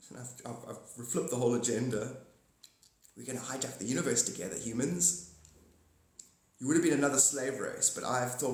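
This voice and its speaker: A man's voice: mid-range voice, brisk, pauses often, a little mellow. A man rambling through playful, speculative musings on a casual livestream, often restarting his sentences. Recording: very echoey room.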